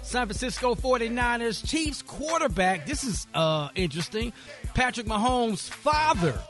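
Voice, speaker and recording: Man, high voice, casual sports report on morning radio, faint music underneath. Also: a little slow. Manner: relaxed, conversational.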